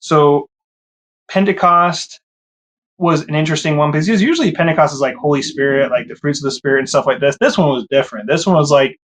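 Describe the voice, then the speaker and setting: A man telling his own story in a casual, animated way, acting out his past thoughts with sudden rises in pitch.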